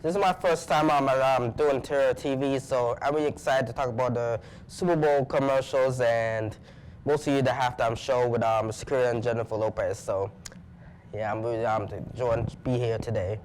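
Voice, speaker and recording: A man's voice: mid-range voice, steady tone, moderate pace, darkish tone, slight background noise, poor audio. A young man guesting on a student show, speaking in casual chat full of ums and restarts. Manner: hesitant, filled with ums and restarts. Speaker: guest co-host.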